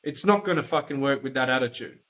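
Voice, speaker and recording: A man's voice: mid-range voice, lively intonation, quick pace, a bit bright, poor audio. An Australian man hosting a podcast in casual chat, talking bluntly and emphatically with lots of swearing. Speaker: podcast host.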